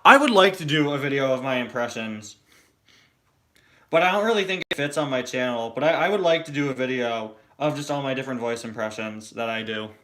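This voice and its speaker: A man's voice: medium pitch, lively intonation, a little fast, a bit bright. Rambling man chatting on a live stream. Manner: rambling, hesitant, many restarts. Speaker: toy review streamer. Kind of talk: casual live stream Q&A chat.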